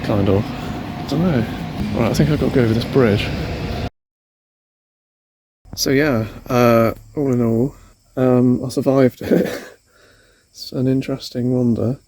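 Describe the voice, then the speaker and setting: Talking in an unhurried, steady, medium-pitched voice with long pauses, a young man vlogs about van life, rambling uncertainly and chuckling at himself. He's filmed out in a city and in his van, with background noise.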